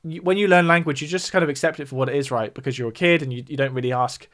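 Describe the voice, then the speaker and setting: A man's voice: a little high, very fast, fairly bright tone. Southern english guy hosting a livestream, explains stuff, chats back to the viewers. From south of England. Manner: explanatory, reacts to viewer chat between points. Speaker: music YouTuber hosting a livestream. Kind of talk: casual livestream chat.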